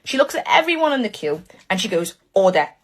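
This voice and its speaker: A young woman tells a comic story in a casual way. Her voice is breathy and slightly husky. She sounds animated and exasperated and swears freely. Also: fairly high pitch, fast talker.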